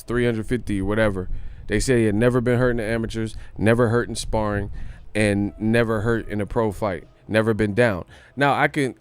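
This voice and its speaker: A man's voice: fairly low pitch, smooth, no echo. Slangy, profane male stream host. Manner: slangy, profane, laughs often. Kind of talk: livestream commentary.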